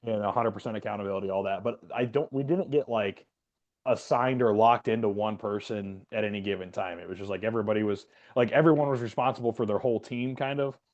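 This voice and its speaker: Talking quickly in a lowish, darkish voice over dull audio, this podcast co-host and Air Force veteran rambles through a story during relaxed conversation. His speech is packed with fillers and false starts.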